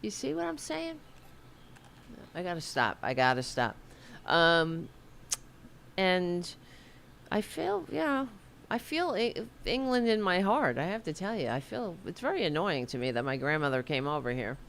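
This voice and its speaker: Low-pitched new york lady, rambly sweary political stream host, bit of background noise. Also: big pitch swings, measured pace, vocal fry, a bit bright. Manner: rambling and profane, self-conscious about her hair. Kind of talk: casual livestream chat.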